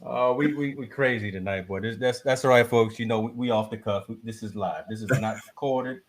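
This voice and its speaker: A man's voice: mid-range voice, fairly quick. A man hosting a live podcast in casual chat, with loose, joking, streetwise banter. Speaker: host.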